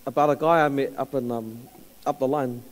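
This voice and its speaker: A man in his thirties with a New Zealand accent, telling a story in a casual, halting sermon with fillers and laughs. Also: mid-range voice, fairly even intonation, low-quality recording. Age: 30s. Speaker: church speaker.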